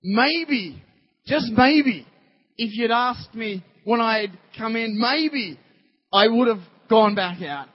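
A weary, exasperated fisherman complains in disbelief, as a man puts him on. The voice sits fairly high, and the recording sounds dull and lo-fi. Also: lively intonation, slow pace, husky, long reverb tail, full character voice. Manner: incredulous, complaining.

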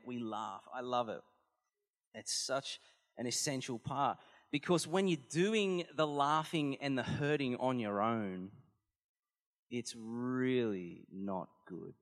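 Pastor preaching in a reverberant hall. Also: male voice, mid-range voice. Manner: earnest, conversational, storytelling. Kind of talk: sermon.

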